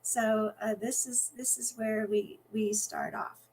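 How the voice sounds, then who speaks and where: Author reading, woman, conversational and halting, higher voice, faint hum in the background. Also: fairly even intonation, darkish tone, rough recording. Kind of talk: reading from her novel at a book event.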